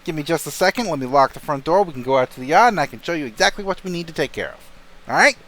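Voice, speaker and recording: A man doing a deadpan scrapyard shopkeeper. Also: on the high side, racing.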